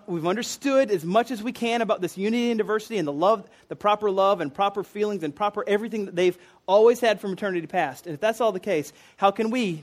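A man with a high-pitched voice delivering a sermon. He talks conversationally and earnestly, dropping casual asides and fillers as he explains his points. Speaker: preacher.

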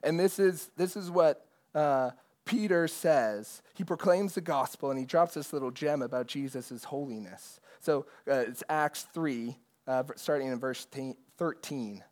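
A male pastor delivers a sermon in an earnest, explaining manner. His voice sits a little higher than most men's. He reads passages of scripture aloud, then unpacks them for the congregation. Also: unhurried, darkish tone. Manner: earnest preaching with scripture readings, occasional restarts.

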